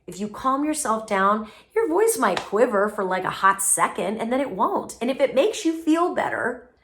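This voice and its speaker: Lively young woman coaching on nerves, emphatic and jokey, voice swings a lot. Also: a little high, normal speed, slight background noise. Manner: lively, emphatic, playful asides. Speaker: speaking coach. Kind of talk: casual advice video to camera.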